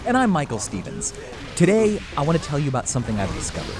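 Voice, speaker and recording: A man co-hosting a science podcast, explaining things in a pedantic, animated way. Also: fairly high pitch, fast, over music. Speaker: podcast co-host. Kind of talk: casual science chat.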